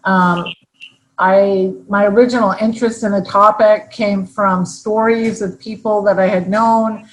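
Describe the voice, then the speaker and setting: A woman guest researcher answering interview questions in a measured, explanatory way. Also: medium pitch, fairly even intonation, slight background noise, low-quality recording.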